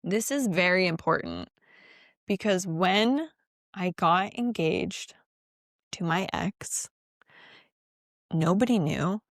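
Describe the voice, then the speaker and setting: A woman podcast host telling a personal story in a casual, animated and profane way, acting out the quotes, on a close mic. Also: on the low side, slow, long pauses, no echo.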